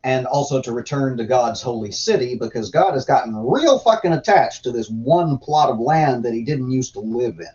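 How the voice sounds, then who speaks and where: Guy riffing on a stream, bouncy pitch, kinda muffled lo-fi sound. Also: expressive, moderate pace, few pauses, darkish tone. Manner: irreverent, joking, reads chat aloud. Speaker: host reading and commenting on scripture. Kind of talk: casual livestream chat. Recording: dull lo-fi stream audio.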